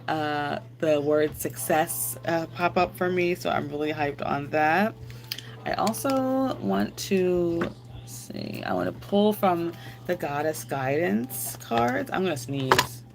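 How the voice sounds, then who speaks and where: A woman with a low voice and a gravelly, creaky edge chats loosely to her live-stream viewers and answers their comments as they come in. She rambles a bit as she talks. A steady hiss of noise sits under the recording. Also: takes it slowly. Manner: rambling, chatty, answers chat comments aloud.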